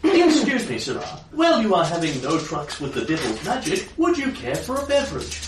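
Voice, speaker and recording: A man's voice: high-pitched, wildly swooping pitch, a little fast, echoey room, distant mic, slight background noise, pitched above the performer's own voice. A man voicing a prim, overly polite male devil who fusses over his guests. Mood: mock-offended. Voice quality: fussy, overly courteous.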